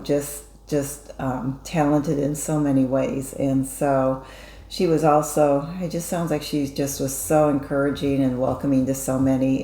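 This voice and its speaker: A woman's voice: extremely low pitch, gravelly, warm tone, echoey room, rough recording. A woman co-hosting a stitching show, chatting earnestly with many fillers and thanks. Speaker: co-host. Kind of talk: casual chat.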